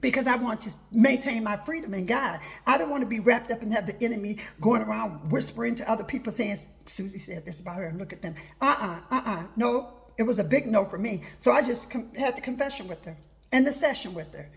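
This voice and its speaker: Woman, high voice, earnest personal advice talk, storytelling, quotes herself over and over. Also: fairly quick, creaky. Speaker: host.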